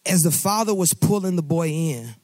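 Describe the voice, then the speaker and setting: A man's voice: a little high, expressive, normal speed, a little mellow, no room sound. A man preaching a sermon with passion, repeating phrases and rising into a singsong cadence. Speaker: pastor.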